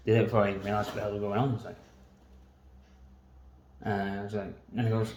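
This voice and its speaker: A man's voice: lowish voice, fairly even intonation, fast talker, pauses often, a little mellow, echoey room, rough recording. A man telling a long personal story in a waffling, casual monologue, swearing often and laughing between lines. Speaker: vlogger.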